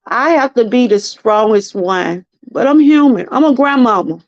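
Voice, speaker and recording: High-voiced Southern woman giving testimony. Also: lively intonation, moderate pace, no echo. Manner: earnest, preachy, repeats herself, talks to chat. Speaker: channel host. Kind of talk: live-stream testimony talk. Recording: dry, slightly muffled lo-fi sound.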